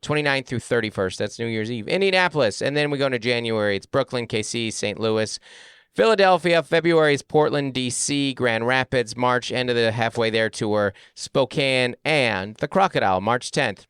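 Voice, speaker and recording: Smooth-voiced joking middle-aged man. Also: medium pitch, no echo, studio quality. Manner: joking, lively, quick banter. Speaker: podcast co-host and comedian. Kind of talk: casual chat.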